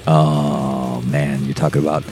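A man's voice: very deep voice, flat delivery, a little slow, a little mellow, faint music behind. A young man, a guest on a podcast, telling a rambling, profane story with many fillers. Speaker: podcast guest, metal musician. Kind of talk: casual storytelling.

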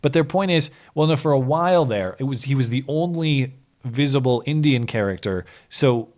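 A man's voice: medium pitch, lively intonation, normal speed, a little mellow. A man hosting a podcast, talking through his argument at length in casual political commentary. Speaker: podcast host.

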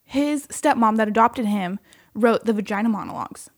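Gravelly-voiced chatty woman. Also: a little high, moderate pace. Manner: animated storyteller, laughs often, acts out quotes. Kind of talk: casual chat.

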